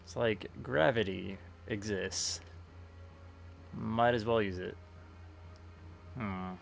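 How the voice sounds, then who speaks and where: A man streaming a tactics game, thinking aloud in a relaxed, casual way with many fillers. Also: fairly low pitch, slow, creaky. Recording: faint game music behind.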